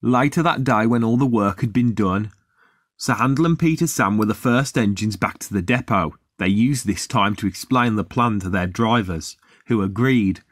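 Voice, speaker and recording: A man narrating a children's story in a steady, plain reading voice. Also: fairly low pitch, normal speed, dry recording.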